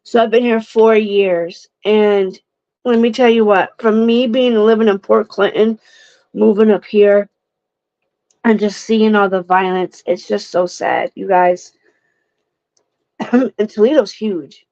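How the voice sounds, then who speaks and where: A woman's voice: medium pitch, fairly even intonation, slow, dark tone, no room sound. A young adult woman from Ohio commenting casually on true crime cases for her viewers, emotional and indignant, stumbling over words. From Ohio, United States. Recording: dull lo-fi dry sound.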